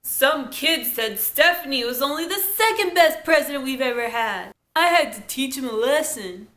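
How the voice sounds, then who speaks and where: A woman's voice: sits high, animated, moderate pace, fairly bright tone, pitched above the performer's own voice. A woman voicing a cocky, show-off teenage boy who turns whiny when upset. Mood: boastful.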